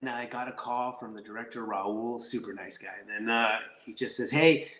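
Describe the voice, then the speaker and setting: Rambling, excitable actor in an echoey room. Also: male voice, lowish voice, normal speed. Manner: excitable, rambling, laughs easily. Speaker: actor guest. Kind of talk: casual interview chat.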